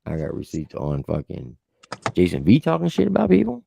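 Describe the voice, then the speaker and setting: A man's voice: low-pitched, huge pitch swings, a little fast, gravelly, noisy background. A man hosting his own show, telling a heated story in a casual, profane way. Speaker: show host. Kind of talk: heated casual livestream rant.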